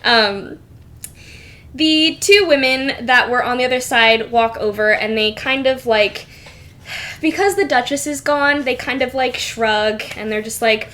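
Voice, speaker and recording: A young woman narrating a tabletop game as game master in a relaxed, filler-heavy way. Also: fairly high pitch, a little slow.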